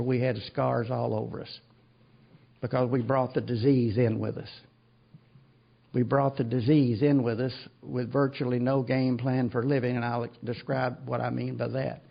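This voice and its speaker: A man's voice: medium pitch, creaky, breathy edge. An older man speaking at a recovery meeting, telling his story in a rambling, self-deprecating way with many restarts. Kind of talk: recovery talk to an audience. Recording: dull lo-fi recording.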